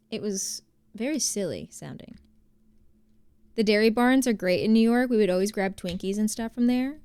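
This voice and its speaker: A woman's voice: medium pitch, animated, moderate pace, darkish tone, clean tone, no room sound. A young woman from New Jersey, streaming and chatting casually with her viewers, rambling with lots of fillers. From New Jersey, USA. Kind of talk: casual chat reading viewer messages.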